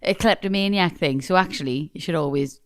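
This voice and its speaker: A hungover female podcast co-host in casual, chatty talk, self-deprecating and quick to laugh. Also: fairly low pitch, a crowd in the background. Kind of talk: casual chat.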